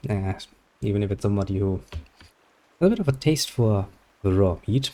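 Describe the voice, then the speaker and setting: A man's voice: fairly low pitch, expressive, brisk, mellow. A man hosting a gaming video, chatting casually and in a laid-back, mumbling way over his gameplay. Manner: laid-back, mumbling, reads game text aloud.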